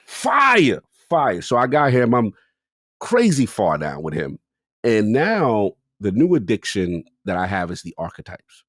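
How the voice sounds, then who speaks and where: A man's voice: on the low side, sing-song, a little slow, no room sound, studio quality. A man co-hosting a podcast, telling a gaming story in casual chat and acting out his own reactions. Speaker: podcast co-host.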